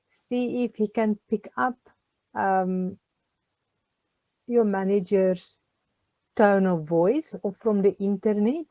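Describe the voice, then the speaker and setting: A woman's voice: medium pitch, dark tone, no room sound. A woman, a social worker giving a chatty, encouraging tutorial to a group, with many ums and questions to her listeners. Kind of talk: casual recorded tutorial.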